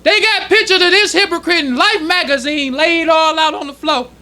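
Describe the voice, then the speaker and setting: A minister with a strikingly high, bright, sharp voice gives sermon teaching to a congregation in a temple hall. The delivery is loose and casual, like street talk, except when he slows deliberately to read passages.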